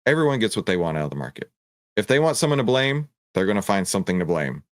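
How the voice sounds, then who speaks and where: A middle-aged man with a fairly low voice runs a trading lesson, and his pitch swings widely as he hammers home his points. He leans on rhetorical questions and repeated lines, and the recording sounds dry and close. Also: sing-song, fast, no room sound. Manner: emphatic and preachy, with rhetorical questions and repeated phrases. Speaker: trading educator and host. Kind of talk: energetic stock-chart walkthrough.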